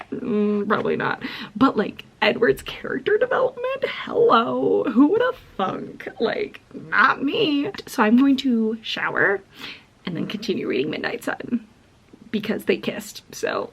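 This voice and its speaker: A woman's voice: a little high, breathy edge. A young woman chatting casually in a reading vlog, gushing and giggly, full of "like" and often dropping into a whisper. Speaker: book vlogger.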